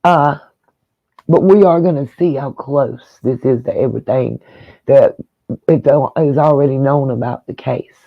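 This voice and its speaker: A man's voice: mid-range voice, normal speed, gravelly, no echo, dull audio. A man hosting a casual livestream, talking straight to his viewers in an emotional, rambling way. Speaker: livestream host.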